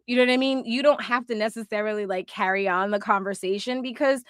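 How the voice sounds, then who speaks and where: Animated woman with a bright, dry voice. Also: a little high, fast talker, hardly any pauses, no room sound. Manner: animated, laughs often, acts out quotes. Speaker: podcast co-host. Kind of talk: casual chat.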